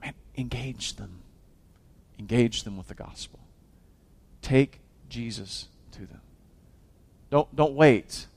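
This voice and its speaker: A man preaching a sermon as a pastor, swinging from loud exhortation to hushed intensity, often restarting and repeating his words. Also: mid-range voice, slow, creaky, pauses often, slightly rough.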